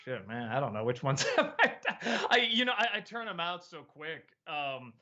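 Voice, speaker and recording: A man's voice: a little high, sing-song, moderate pace, pushed and bright, muffled recording. A middle-aged man answering viewer questions in a casual livestream chat, rambling, laughing often and swearing freely.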